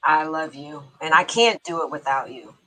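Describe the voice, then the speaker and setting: A middle-aged woman hosting a talk show, telling a personal story in a chatty, quick-bursting way with laughs in her speech. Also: low voice, pushed and bright, rough recording. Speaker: show host. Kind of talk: casual heartfelt talk-show chat.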